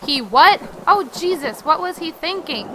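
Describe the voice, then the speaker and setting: A woman's voice: sits high, lively intonation, a little slow, pushed and bright, slight background noise, pitched above the performer's own voice, heavily acted, poor audio. A woman reading a blunt, weary mother. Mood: exasperated. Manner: blunt, exasperated, raises her voice often. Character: worried middle-aged mother, blunt and weary. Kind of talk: reading game dialogue aloud.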